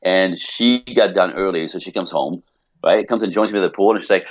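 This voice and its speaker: Male podcast guest, low voice, chatty restart-heavy storyteller, dull lo-fi sound. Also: quick pace, dry recording. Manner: animated rambling storytelling with many restarts. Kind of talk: casual podcast conversation.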